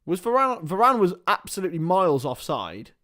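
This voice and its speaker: A man hosting a live football watchalong stream, swinging between excitable play-by-play and chatty asides with casual swearing. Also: high-pitched, a little fast. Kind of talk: casual live match commentary.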